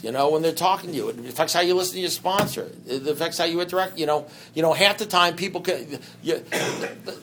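A man speaking to a recovery meeting in a rambling, conversational way, full of "you know" asides, swinging between loud bursts and quiet low stretches and acting out dialogue. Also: a little hiss or hum. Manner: acts out dialogue in anecdotes. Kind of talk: personal recovery talk to an audience.

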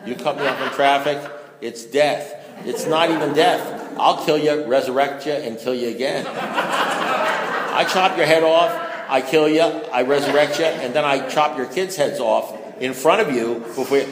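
A man's voice: mid-range voice, normal speed, crowd noise. Rambling self-mocking man in an echoey hall. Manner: animated, rambling, self-mocking, with stammered restarts. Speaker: speaker telling his recovery story. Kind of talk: comic storytelling talk to a live room. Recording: echoey hall with long reverb.

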